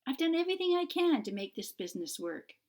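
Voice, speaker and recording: A woman's voice: sits high, very animated, quick pace, darkish tone, pitched above the performer's own voice. Audiobook role: an earnest young witch, read by a woman, insistent and pleading. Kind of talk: audiobook character voice.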